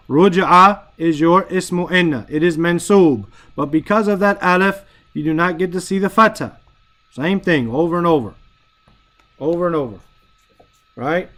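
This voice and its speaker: A man's voice: a little high, a bit bright. Patient male grammar teacher. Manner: explains patiently, checks in with "right?" often. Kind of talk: Arabic grammar lesson.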